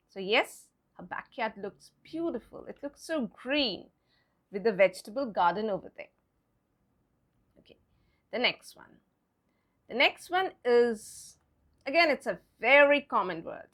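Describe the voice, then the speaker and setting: High, lively woman teaching pronunciation. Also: takes it slowly, pauses often. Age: adult with a son. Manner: spells words out letter by letter and models pronunciations with emphasis. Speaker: English teacher. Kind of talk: pronunciation lesson.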